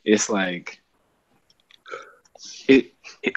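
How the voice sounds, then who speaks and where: A man's voice: medium pitch, expressive, moderate pace. A man co-hosting a podcast, laid-back, joking and slangy in casual chat. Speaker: podcast co-host. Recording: muffled with faint noise.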